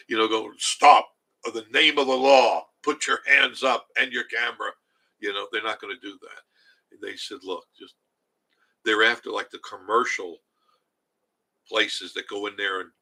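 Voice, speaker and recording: An older man hosting a casual live stream, reading viewer comments and chatting in a rambling way with a husky voice. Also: lowish voice, pushed and bright, rough recording. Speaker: livestream host reading chat.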